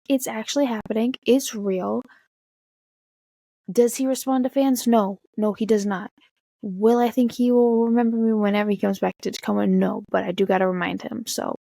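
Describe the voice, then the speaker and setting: A young woman casually telling an excited, swear-filled story, jumping high in pitch when she quotes herself. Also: creaky, no room sound. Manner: excited, swearing, talks fast with big pitch jumps when quoting. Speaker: vlogger.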